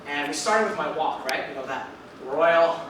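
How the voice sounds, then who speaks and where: A man in his twenties performing a one-man stage monologue, telling his story with animated asides to the audience. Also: fairly high pitch, moderate pace. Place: live theater stage with audience. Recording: echoey stage recorded from far off with audience noise.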